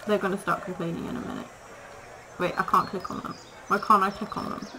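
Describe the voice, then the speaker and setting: A woman's voice: medium pitch, little pitch movement, brisk. A woman casually commenting on her gameplay, chatting to the animals in the game and laughing often. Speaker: gaming video creator. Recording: noisy home recording.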